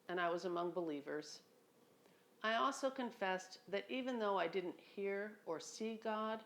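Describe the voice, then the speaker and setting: A woman's voice: medium pitch, vocal fry, a bit bright. A woman reading her own memoir aloud at home, in a reflective, conversational way with a dry humor. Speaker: memoir narrator. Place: home near a beach.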